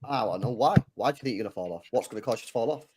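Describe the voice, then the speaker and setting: Quick, lively, husky-voiced man. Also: medium pitch, slight background noise. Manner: encouraging, repeats himself. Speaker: podcast panelist. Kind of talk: casual chat.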